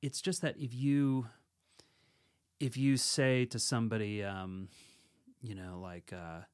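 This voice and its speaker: A man's voice: mid-range voice, fairly even intonation, slow pace, smooth. A man co-hosting a podcast and teaching meditation in casual chat, rambling and self-correcting, laughing easily.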